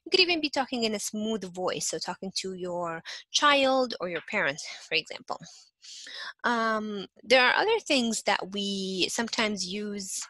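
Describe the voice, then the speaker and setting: A woman's voice: mid-range voice, animated, unhurried, sharp tone, no room sound, rough recording. A young woman instructor giving a recorded lecture, often repeating "again" and acting out short examples. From not from Canada.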